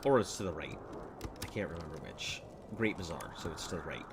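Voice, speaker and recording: A man streaming a game, thinking aloud and reading on-screen text in a casual, rambling way, with a slightly rough, throaty voice from clearing his throat often. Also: a bass voice, very animated, fairly quick, noisy background. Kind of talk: casual gameplay commentary.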